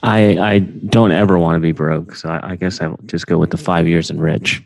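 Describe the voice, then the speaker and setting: A man's voice: sits low, steady tone, normal speed, gravelly, no echo. A man co-hosting a podcast, agreeing and chiming in briefly in casual chat. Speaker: podcast co-host.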